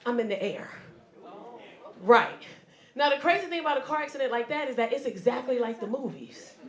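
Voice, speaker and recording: A woman comedian tells a stand-up story in a high voice, acting out the voices and turning loud at the punchlines. She is recorded on a live stage in an echoey room, with faint crowd laughter behind her. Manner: animated, acts out voices and gets loud at punchlines. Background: audience laughter.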